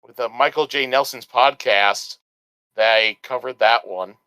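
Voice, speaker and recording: A man's voice: medium pitch, unhurried, pushed and bright, smooth, dry recording, rough recording. A man co-hosting a podcast in casual chat, explaining things in a rambling way with restarts. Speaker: podcast co-host.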